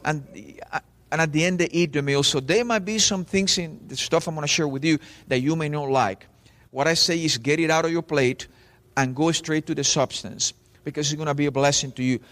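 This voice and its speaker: Male preacher, fairly high voice. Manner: animated storytelling preacher, addresses crowd directly. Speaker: pastor. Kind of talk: sermon. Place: church.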